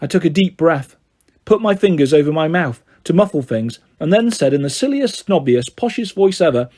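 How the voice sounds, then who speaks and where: A man reads a children's book aloud in a steady, expressive way. His voice sits a little higher than most men's. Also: normal speed. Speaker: storyteller.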